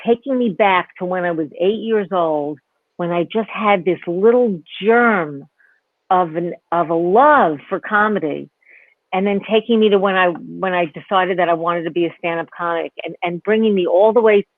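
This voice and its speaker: A woman's voice: lowish voice, moderate pace, dry recording. A woman comedian telling stories in a casual, rambling way over a video call. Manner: rambling, with restarts and reflective asides. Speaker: guest comedian. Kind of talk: casual storytelling chat. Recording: tinny phone-like line, dry.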